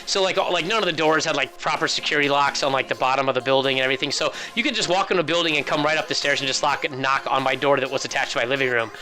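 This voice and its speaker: A man's voice: medium pitch, rapid-fire, hardly any pauses, sharp tone. A man casting a game tournament, chatting casually and rambling through joking stories. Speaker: esports caster. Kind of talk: casual chat.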